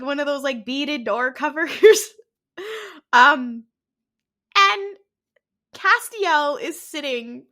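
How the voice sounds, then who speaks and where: Podcast co-host, female, bright tone, unhurried animated storytelling with quoted lines. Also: high-pitched. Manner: animated retelling with quoted dialogue and frequent laughs. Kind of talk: casual recap chat.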